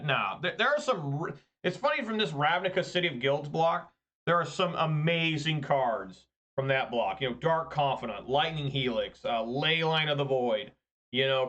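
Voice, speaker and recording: A man's voice: on the high side, bright, forceful tone. A man in his thirties giving casual, rambling gameplay commentary with profanity as an online card game streamer. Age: 30s. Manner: rambling, profane, chatty storyteller. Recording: slightly muffled lo-fi recording.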